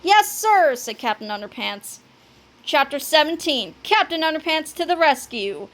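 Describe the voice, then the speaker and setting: A woman reading a children's book aloud, telling the story with animated delivery and dramatic sound words. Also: high voice, moderate pace. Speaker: narrator.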